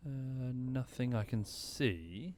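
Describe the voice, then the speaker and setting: A man's voice: mid-range voice, animated, takes it slowly, a little mellow, slight background noise. A man streaming a game, thinking aloud as he plays, apologizing and correcting himself along the way. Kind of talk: casual gameplay commentary.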